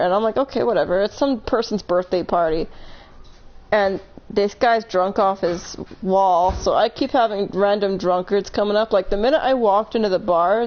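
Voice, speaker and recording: A woman's voice: mid-range voice, dull audio. A woman casually telling a long story on a live stream, rambling, correcting herself and laughing between points.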